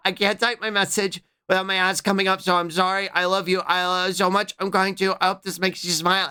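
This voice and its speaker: Halting, bright-voiced streamer man. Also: high voice, fairly even intonation, clear, resonant tone. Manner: halting, with repeated fillers and restarts; greets viewers by name mid-story. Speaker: livestream host. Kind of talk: casual chat to a live stream audience.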